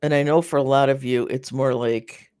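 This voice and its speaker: A host of a live garden chat, from North America, talking casually and reading viewer comments in a rambling, halting way with many fillers and restarts, sympathetic toward the viewers. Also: medium pitch, steady tone, darkish tone, clear, resonant tone, no echo, clean studio sound.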